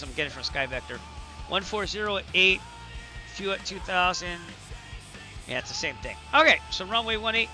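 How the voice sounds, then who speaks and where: A man live-streaming flight sim commentary, excitable, effusive and grateful, chatting and thinking aloud as he sets things up. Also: on the high side.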